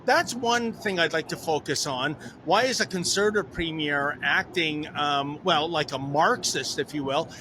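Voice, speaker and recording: A man hosts a political talk show in a notably high voice. He poses questions with wry sarcasm. The recording carries a layer of noise. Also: moderate pace, few pauses. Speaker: host.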